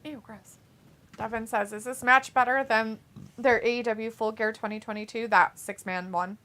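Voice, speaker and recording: A woman's voice: fairly high pitch, fairly even intonation, moderate pace, sharp tone. A woman co-hosting a casual live stream, reading viewer comments aloud in a blunt, profane way and laughing often. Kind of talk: casual chat.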